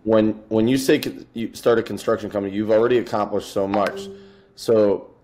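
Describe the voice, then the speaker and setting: A man's voice: lowish voice, fairly even intonation, moderate pace, mellow, slight background noise. A man hosting a podcast interview, asking questions with loose, casual phrasing and dry sarcastic asides. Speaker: podcast host.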